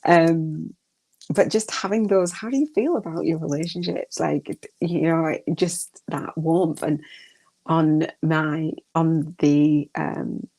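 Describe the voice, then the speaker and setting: A woman's voice: sits low, takes it slowly, mellow. A middle-aged woman hosting a spiritual podcast, talking casually in a rambling, emotional way with many restarts. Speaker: podcast host.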